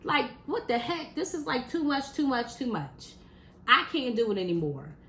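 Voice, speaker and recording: A woman's voice: a little high, big pitch swings, moderate pace, bright, forceful tone, a little hiss or hum. A woman vlogging to her viewers in a casual, exasperated monologue, repeating words and firing off rhetorical questions. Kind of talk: casual opinion monologue to camera. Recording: roomy echo.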